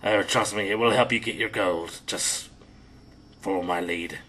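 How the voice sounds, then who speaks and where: A man's voice: sits low, measured pace, pushed and bright, slight background noise, voice pushed down. A man doing a curt, businesslike dwarf. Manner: curt, dismissive.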